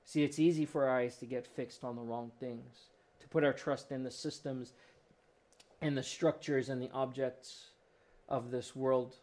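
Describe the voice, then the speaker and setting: A man preaching a sermon with emotional swings, building to loud peaks and then dropping to a soft, low voice. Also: fairly even intonation, unhurried. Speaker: pastor.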